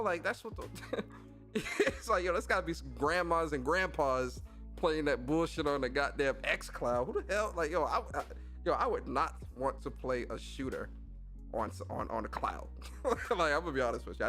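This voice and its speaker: Animated, profane gaming podcast host. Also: male voice, fairly high pitch, normal speed, faint music behind. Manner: animated, profane, laughs often. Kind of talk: casual commentary reading news.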